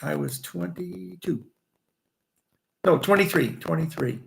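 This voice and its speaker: Old guy in his 80s from indiana, super gravelly voice, kinda high, rambles through his trading stories with little chuckles. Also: slow, fairly bright tone, poor audio. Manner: chuckling, restarts phrases while reminiscing. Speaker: guest, veteran trader. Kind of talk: rambling anecdotal storytelling.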